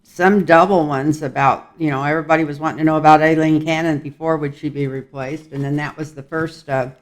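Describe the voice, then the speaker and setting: A man's voice: a little high, fairly even intonation, fairly quick. An older man giving a casual tarot reading, talking in a rambling, folksy way with chuckling asides. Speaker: tarot reader.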